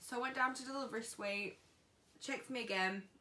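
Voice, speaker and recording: A woman's voice: fairly high pitch, normal speed, sharp tone, far from the mic. A young woman telling a personal story to camera in a chatty way, acting out what others said. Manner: chatty, acts out what people said. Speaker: vlogger. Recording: echoey room, voice a bit off-mic.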